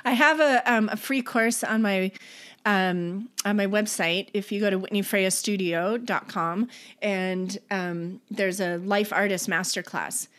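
A woman talks as a podcast guest in an easy, enthusiastic way. She sprinkles her speech with ums and likes. Her voice sits at a mid pitch. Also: measured pace, fairly bright tone. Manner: enthusiastic, uses many fillers. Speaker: guest, artist and author. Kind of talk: casual interview chat.

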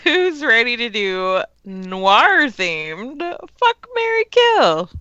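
Slow, bright woman leading the chat. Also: on the high side, big pitch swings, no room sound. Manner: steers the talk. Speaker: podcast host. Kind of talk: casual film chat. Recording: dry, dull lo-fi sound.

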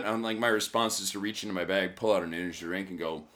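A man's voice: sits low, level tone, quick pace, a bit bright. A man telling a long story in casual chat, stammering, repeating words and swearing often. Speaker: podcast co-host.

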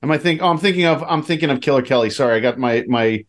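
A man chatting on a podcast with a voice of ordinary pitch. He is jokey and enthusiastic and laughs often. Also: quick pace. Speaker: podcast co-host. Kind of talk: casual chat.

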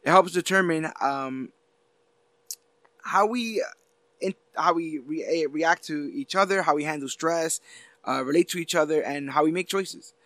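A man co-hosts a podcast in a dry, close-miked sound. His voice sits a bit high, and he explains things earnestly in long stretches, often stopping and restarting mid-sentence. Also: a little slow, fairly bright tone, no echo. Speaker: podcast co-host. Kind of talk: casual podcast chat.

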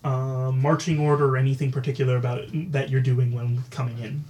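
A man acting as dungeon master, narrating scenes and settling rules in a calm, matter-of-fact way. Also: mid-range voice, fairly quick. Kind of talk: narrating a tabletop game.

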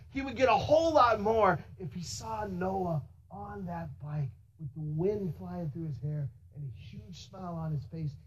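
Husky-voiced pastor preaching a sermon. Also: mid-range voice, unhurried, few pauses, poor audio. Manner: animated preaching with rhetorical questions and asides to the congregation.

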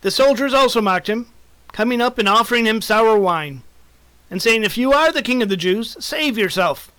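A man reading scripture as a mock news report, with a steady, announcer-like delivery. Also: sits high, normal speed, clean tone, no echo. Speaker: mock newscaster and scripture reader.

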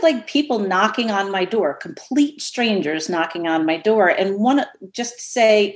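A woman guest on a podcast, telling a rambling, animated story in casual chat. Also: mid-range voice.

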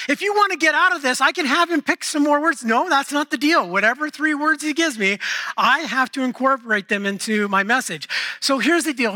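High, bright-voiced pastor preaching casually. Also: male voice. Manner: casual, playful preaching with fillers and restarts. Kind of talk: sermon. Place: church sanctuary.

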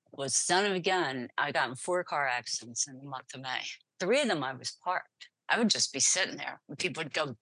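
A middle-aged woman with a low, husky voice tells her story with animation, laughing often and acting out the voices around her. The sound is dry and close. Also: a bit bright, no room sound. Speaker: podcast guest. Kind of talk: storytelling in an interview.

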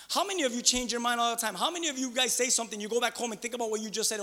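A middle-aged man preaches a sermon in a church. His voice is high and bright. He shifts between loud exclaiming and hushed asides, and a long reverb from the hall hangs behind him. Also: racing, few pauses. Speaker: pastor. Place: church sanctuary.

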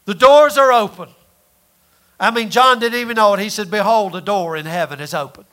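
A male preacher with a very high, bright voice delivers a sermon in a folksy manner. He stumbles over repeated words and fires off rhetorical questions. His volume swings from loud declarations down to near-murmurs. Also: a little fast.

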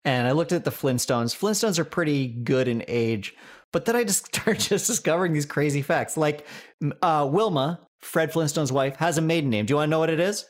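Fairly high in pitch and fairly quick, this man's voice belongs to a co-host of a laid-back comedy podcast. His storytelling is lively, and laughter breaks in frequently.

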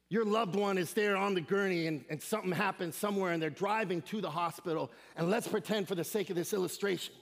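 A man preaching an animated sermon as a guest speaker, with slangy asides and shouted emphasis. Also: sits high, in a large hall. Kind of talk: energetic sermon. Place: church sanctuary.

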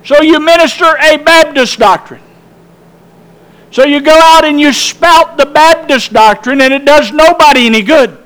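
A man's voice: extremely high pitch, moderate pace, a bit bright. A pastor preaching a sermon, emphatic and drawn out, putting questions to his congregation.

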